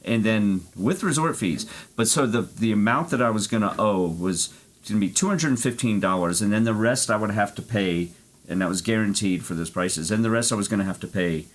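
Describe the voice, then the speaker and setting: A man's voice: fairly low pitch, normal speed. A man streaming an arcade golf game, telling a rambling story and swearing freely. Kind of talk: casual chat.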